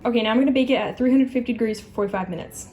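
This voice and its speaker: A woman's voice: a little high, racing, dark tone, faint music behind. A woman co-hosting a cooking channel, chatting casually as she explains each step of a recipe. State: out of breath.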